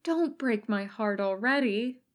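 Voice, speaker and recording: A woman reading the part of a young male ninja recruit who speaks dry and deadpan, slowly. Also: on the high side.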